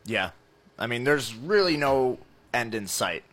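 A man's voice: mid-range voice, lively intonation, unhurried, a bit bright. A man from Michigan co-hosting a casual sports podcast in an easygoing, agreeable way.

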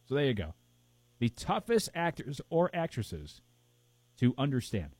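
Rambling man with a lively voice. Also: mid-range voice, unhurried, dry recording. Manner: rambling, searching for names with fillers. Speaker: podcast co-host. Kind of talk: casual chat.

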